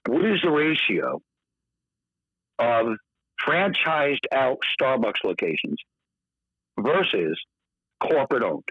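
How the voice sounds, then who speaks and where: A man telling a story in casual podcast chat, lively and acting out the voices of the people he quotes. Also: mid-range voice, takes it slowly, pauses often, slightly rough, no echo. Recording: dull, dry podcast audio.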